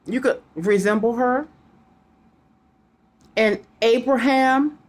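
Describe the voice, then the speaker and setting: A woman's voice: a little high, slow pace. A woman giving a casual psychic reading to her viewers, rambling and repeating names and letters aloud as she goes. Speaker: psychic reader.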